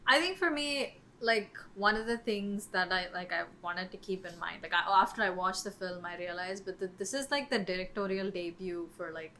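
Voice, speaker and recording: A woman on a podcast, sharing hosting duties, discusses films in a relaxed, chatty way full of "um"s and "like"s. Her mid-range voice has a sharp edge, and she talks at normal speed with barely a pause, over a little hiss or hum.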